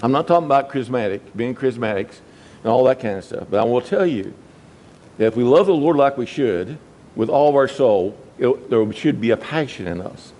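A middle-aged man, a Baptist pastor, preaching a sermon and swinging between quiet low passages and high, emphatic peaks. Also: lively intonation, brisk, low-quality recording.

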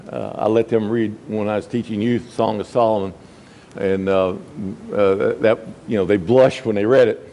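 A middle-aged man, a Baptist pastor, preaching a sermon and swinging between quiet low passages and high, emphatic peaks. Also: a little hiss or hum, rough recording.

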